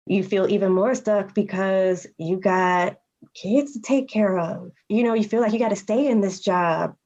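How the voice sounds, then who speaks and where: Woman guest thinking out loud about life, kinda muffled lo-fi audio. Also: medium pitch. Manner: candid and reflective, with quick laughs. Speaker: podcast guest. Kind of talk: casual conversation.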